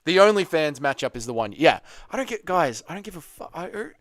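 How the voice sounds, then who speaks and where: A man's voice: on the high side, very animated, a little fast, fairly bright tone, dry recording. A man hosting a casual livestream Q&A, reading chat questions aloud and bantering back.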